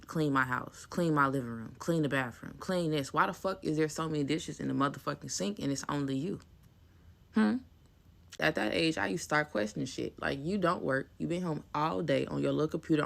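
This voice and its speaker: A woman's voice: low-pitched, creaky, a bit bright. A young woman telling a storytime rant about her past, blunt and heavily profane.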